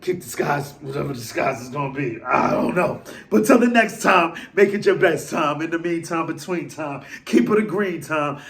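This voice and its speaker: A man rants in his fan vlog, his voice sitting high and jumping about with excitement. He rambles, drops slang and pokes fun at himself as he goes. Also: moderate pace, vocal fry. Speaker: vlog host.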